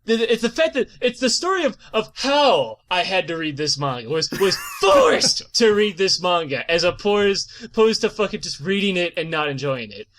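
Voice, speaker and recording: A man's voice: high-pitched, moderate pace, few pauses. A man hosting a podcast, ranting in casual chat, swearing a lot and laughing as he goes. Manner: animated profane ranting with frequent laughs. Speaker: podcast host.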